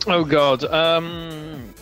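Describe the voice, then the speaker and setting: A man's voice: a little high, fairly even intonation, drawn-out words, a bit bright, soft background music. A man on a casual podcast panel, talking reluctantly and nervously about his turn.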